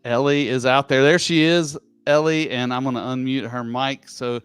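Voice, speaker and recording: A man's voice: mid-range voice, fairly even intonation, smooth, no room sound, soft background music. Rambling Southern man hosting live. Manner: rambling, self-deprecating, halting restarts. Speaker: co-host. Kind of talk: casual live show chat.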